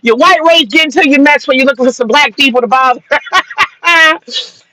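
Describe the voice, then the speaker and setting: A woman's voice: high-pitched, moderate pace, noisy background. A woman in a parked car ranting on a live stream to her viewers, mocking a commenter, swearing, and bursting into long laughter. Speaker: livestreamer. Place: parked car in a parking lot.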